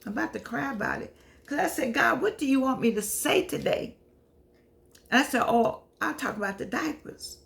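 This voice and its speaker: A woman's voice: a little high, lively intonation, normal speed, gravelly, fairly bright tone. An older woman, a professor hosting her own show, talking emotionally and preachily to camera, repeating herself, calling on the Lord, and near tears. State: teary. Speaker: show host and humanities professor. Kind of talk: casual heartfelt monologue to camera.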